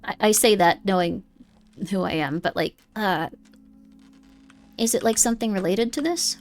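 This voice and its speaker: A woman's voice: mid-range voice, normal speed, long pauses, faint music behind. A woman streamer giving rambling, chatty commentary on a live game and reading its text aloud.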